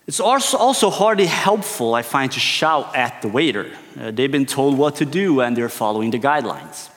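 A man preaching in a relaxed, anecdotal way, drawing his listeners in with frequent check-ins. His voice sits at a middling pitch for a man. A long reverb from a large hall rings after his words. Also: moderate pace. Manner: storytelling, keeps checking in with "right?". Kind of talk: conversational sermon opener.

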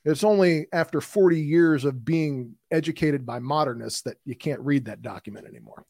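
A man co-hosting a podcast in casual chat, giving emphatic opinions in an animated way. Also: fairly high pitch, moderate pace, no echo, clean studio sound. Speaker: podcast co-host.

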